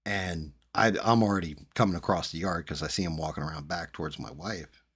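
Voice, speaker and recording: Male streamer host, slightly low voice, salty, animated storyteller. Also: a little fast, slightly rough. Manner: profane, animated anecdote telling. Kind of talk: casual storytelling.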